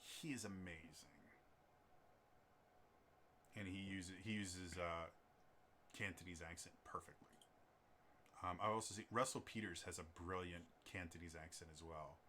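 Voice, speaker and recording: Man, casual chat, bright voice, rambling with fillers and restarts, faint background noise. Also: deep voice, fairly even intonation, normal speed.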